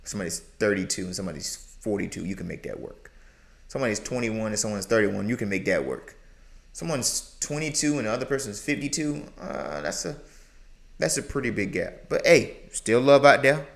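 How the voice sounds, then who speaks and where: A reaction streamer gives live commentary in a lowish, creaky, brisk voice. He is animated, exclaiming as he goes, offering advice and slipping in preachy asides.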